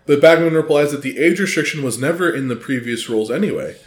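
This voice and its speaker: A man's voice: on the high side, animated, fast. Man chatting in an echoey room. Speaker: podcast co-host. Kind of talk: casual chat and reading aloud from a book.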